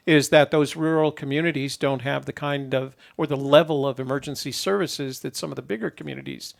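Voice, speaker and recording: Gravelly-voiced man hosting a call-in show. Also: mid-range voice, fairly even intonation, a little fast. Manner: easygoing, rambling with fillers. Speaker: host.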